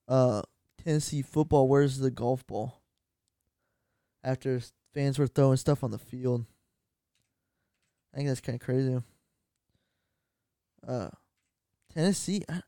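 A young man co-hosting a podcast, chatting about sports in a rambling, excitable way and correcting himself as he goes. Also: mid-range voice, smooth, no room sound. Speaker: podcast co-host. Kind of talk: casual sports chat. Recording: dry.

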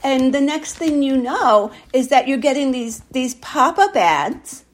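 A woman co-hosting a podcast in a relaxed conversational chat, talkative and quick to laugh. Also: high-pitched. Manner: chatty, laughs easily. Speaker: podcast co-host. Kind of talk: casual chat.

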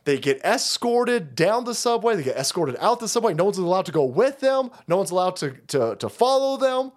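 A man's voice: high-pitched, very animated, normal speed. A man hosting a livestream, delivering a heated, profane and mocking political rant. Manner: foul-mouthed, mocking, heated ranting. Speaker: streamer host.

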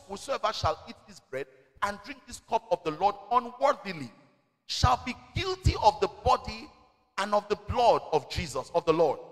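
A man preaching with a high, animated voice that climbs and falls freely, urging his congregation to answer back. He slows right down to read scripture with weight. His voice rings with the long reverb of a church hall. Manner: exhorting, call-and-response with the congregation; reads scripture slowly and deliberately. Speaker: senior pastor. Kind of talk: sermon. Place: church service.

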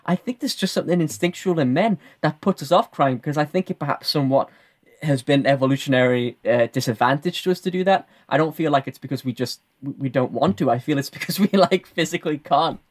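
A man's voice: a little high, quick pace. A man in casual podcast conversation, reflective, explaining his views at length and often repeating words as he thinks.

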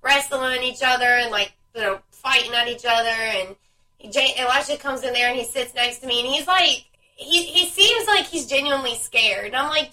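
A woman co-hosting a casual parenting chat, telling lively stories with frequent laughter. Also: sits high, moderate pace, distant mic, low-quality recording. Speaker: podcast co-host.

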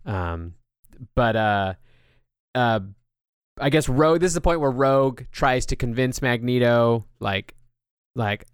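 A man's voice: mid-range voice, unhurried, long pauses, clear, resonant tone, no room sound, clean studio sound. A man hosting a podcast, chatting casually and loosely with lots of filler words. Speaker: podcast host.

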